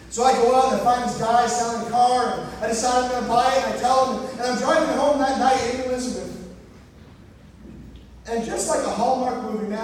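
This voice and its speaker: High-voiced man telling stories to students. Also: slight background noise. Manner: animated storytelling, acts out quoted voices. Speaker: motivational speaker. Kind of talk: keynote speech to students. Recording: echoey hall recording from far off.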